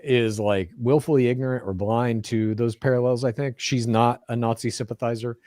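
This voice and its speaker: A man's voice: medium pitch, fairly even intonation, normal speed, mellow, no room sound, clean studio sound. A man co-hosting a podcast in casual chat, bluntly reading listener comments and swearing freely. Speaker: podcast co-host.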